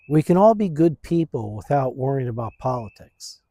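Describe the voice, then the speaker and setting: A man vlogging casually outdoors in his backyard, talking slowly into a phone on a stand, rambling and laid-back, saying "man" and "dude" a lot. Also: medium pitch, expressive, warm tone, dry recording, studio quality. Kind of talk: casual vlog chat.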